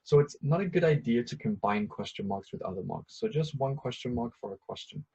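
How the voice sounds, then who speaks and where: Husky man teaching a patient lesson. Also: medium pitch, expressive, brisk, darkish tone, muffled recording. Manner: patient, repeats each point, some um and uh. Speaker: English teacher. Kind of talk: scripted grammar lesson.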